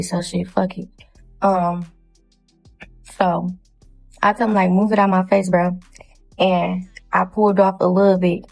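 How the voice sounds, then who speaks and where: A young woman with a gravelly, fry-heavy voice tells her story in a plain, casual way. She is blunt and curses freely, and she acts out both sides of a heated argument as she goes. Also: medium pitch, low-quality recording. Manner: blunt and profane, reenacting quoted arguments. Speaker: storyteller in a viral video. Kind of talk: casual first-person storytelling.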